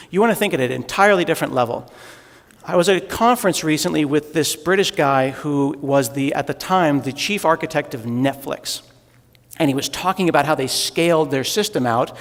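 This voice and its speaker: A man with a somewhat high voice delivers a humorous tech conference talk, poking fun at himself as he tells stories. His voice rings out with a long reverb in a large hall. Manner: joking, self-deprecating storyteller. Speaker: conference speaker.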